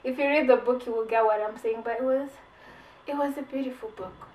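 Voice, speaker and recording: A woman giving a casual book review vlog, chatty and animated, often saying "like" and repeating phrases. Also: a little high, fairly quick, roomy sound, distant mic, low-quality recording.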